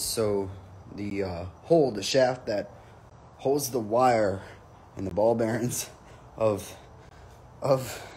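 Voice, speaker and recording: A man's voice: lowish voice, a little mellow, a little hiss or hum. A man telling a rambling, profane comic anecdote in a casual storytelling style.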